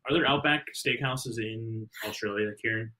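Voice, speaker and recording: A man co-hosting a fan watch-party stream, giving excitable, chatty play-by-play of a live game. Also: medium pitch, normal speed, heavy background noise. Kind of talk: casual live game commentary.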